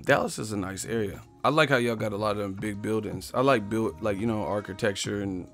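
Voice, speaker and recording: A man's voice: fairly low pitch, brisk. Dude ranting on his boxing stream, cussing, laughing at his own jokes, bit of music in the back. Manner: loud, profane, mocking, laughs often. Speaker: boxing live-stream host. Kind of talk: casual live-stream rant reading chat.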